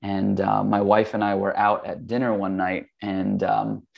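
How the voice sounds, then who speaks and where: A man in his forties, a guest in casual conversation, telling stories in a relaxed, rambling way full of fillers and restarts. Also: lowish voice, measured pace, vocal fry, lo-fi sound. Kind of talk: casual storytelling.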